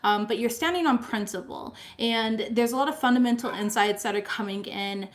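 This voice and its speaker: Young woman doing a live tarot stream, kinda high voice, chatty, lots of "like" and "okay?". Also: moderate pace. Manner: chatty, filler-heavy, often checks in with "okay?". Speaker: tarot reader. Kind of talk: live-streamed tarot reading, casual chat.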